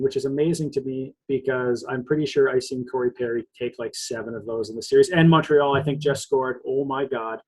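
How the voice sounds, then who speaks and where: A man's voice: medium pitch, darkish tone, breathy edge, rough recording. A man co-hosting a casual sports podcast, joking and rambling, laughing often. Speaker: podcast co-host.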